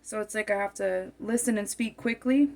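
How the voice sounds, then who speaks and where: A woman's voice: medium pitch, moderate pace. A woman giving a tarot card reading, musing aloud and often repeating and rephrasing her phrases as she goes.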